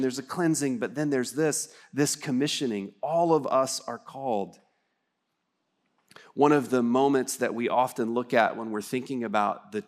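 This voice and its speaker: A male pastor from Texas delivers a livestreamed church sermon. He preaches in an earnest, conversational way and often turns to the congregation with questions. His voice sits at an ordinary middle pitch.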